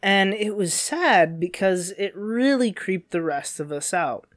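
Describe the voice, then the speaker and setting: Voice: mid-range voice, lively intonation, a little slow, fairly bright tone. A young adult co-host telling a story in casual chat, rambling with many fillers and restarts.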